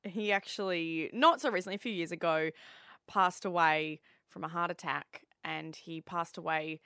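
A woman's voice: on the low side, normal speed, bright, forceful tone, clean tone, no room sound, studio quality. A woman, a radio producer, telling a story on air in a giggly, hesitant way. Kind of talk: radio banter. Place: radio studio.

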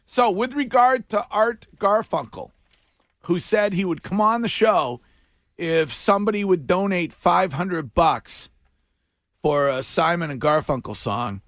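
A man hosts a morning radio show, chatting casually and jokily with trailing fillers and lots of restarts. His high-pitched voice is animated, a bit bright and a little slow, captured dry on a studio microphone with clean sound.

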